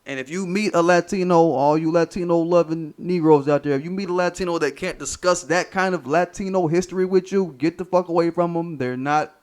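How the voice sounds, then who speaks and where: A man's voice: fairly high pitch, brisk, hardly any pauses. An American man hosting a commentary channel, delivering a political monologue in an emphatic, profane, repetitive and preachy way. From United States.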